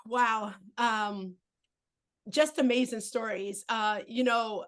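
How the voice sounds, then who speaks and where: A woman hosting a podcast interview, emotional and tearing up, talking warmly with many fillers and restarts. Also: a little high, fairly even intonation, slow. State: choked up, tearing up. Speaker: podcast host. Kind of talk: conversational interview.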